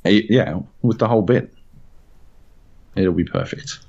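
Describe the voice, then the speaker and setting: A man's voice: lowish voice, unhurried, creaky, darkish tone. An Australian man hosting a podcast in casual chat, rambling with many fillers and swearing. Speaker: podcast host. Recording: dull lo-fi podcast audio.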